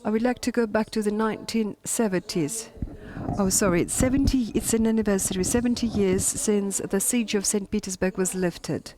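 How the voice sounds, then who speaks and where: A woman historian from Germany with a German accent, reading a prepared lecture. She pauses often on fillers. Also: mid-range voice, mellow, a little hiss or hum. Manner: halting, with many filler pauses. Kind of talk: lecture read from a prepared text.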